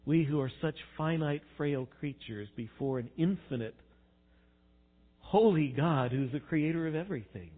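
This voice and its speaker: A man preaching a sermon, animated, swinging between quiet reflection and loud emphasis. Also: fairly high pitch, normal speed. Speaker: pastor. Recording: tinny phone-like sound.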